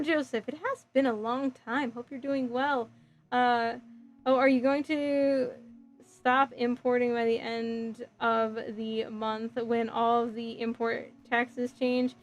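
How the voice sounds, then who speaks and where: A woman hosting a casual livestream, chatting with viewers and reading their comments while she builds a model kit, rambling with lots of fillers. Her voice is going a little hoarse. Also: fairly high pitch. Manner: chatty, rambling, frequent fillers and self-corrections. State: voice getting hoarse.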